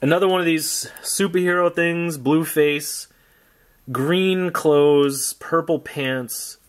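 A man's voice: fairly high pitch, fairly even intonation, takes it slowly. A man giving casual unboxing commentary on old action figures, rambling with wry, jokey asides. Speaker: toy collector vlogger.

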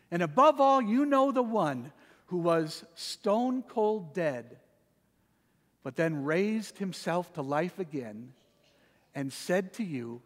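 A man preaching a sermon in a church, swinging from a soft hush to loud proclamation. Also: sits high, big pitch swings, slow pace, long reverb tail. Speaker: pastor. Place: church sanctuary.

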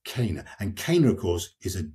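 An older man talks about classic poetry with real enthusiasm and leans into the lines when he reads them aloud. His voice sits low and has a husky grain to it. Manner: expressive, reads verse aloud slowly and dramatically. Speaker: author and guest. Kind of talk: passionate literary discussion.

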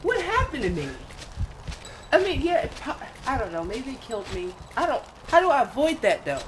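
A man's voice: very high-pitched, sing-song, a little fast. A man hosting his own gaming channel, playing a horror game and talking nervously to himself as he goes. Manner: jumpy, nervous, talks to himself. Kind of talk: horror game let's play commentary. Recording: loud background noise.

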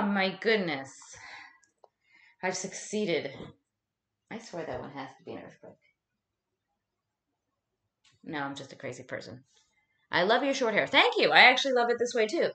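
A live streamer chats casually while folding laundry at home, talking freely, swearing and poking fun at herself. Her mid-range voice is a bit bright, and the recording has a roomy echo.

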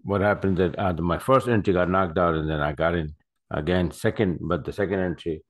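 A man with a very low, deep voice gives casual commentary on his trades from his desk. He rambles, stops for fillers and often corrects himself mid-sentence. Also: fairly quick. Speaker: forex trader. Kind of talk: casual screen-share trading commentary.

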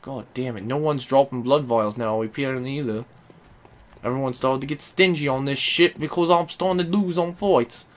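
A man doing angry let's-play commentary, swearing constantly and swinging between yelling and grumbling. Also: mid-range voice, normal speed. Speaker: gaming video host.

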